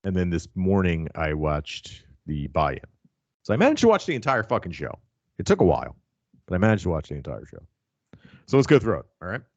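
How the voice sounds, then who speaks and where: A man's voice: sits low, no room sound. A man hosting a casual wrestling podcast, telling stories with a lot of swearing and laughter. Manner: profane, laughing, storytelling. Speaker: podcast host.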